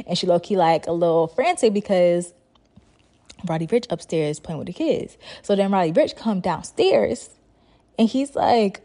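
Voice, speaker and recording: A woman's voice: lowish voice, lively intonation, normal speed, mellow. A young woman hosting a podcast, retelling a show in a chatty, slangy way full of fillers. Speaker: podcast host. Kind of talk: casual storytelling monologue.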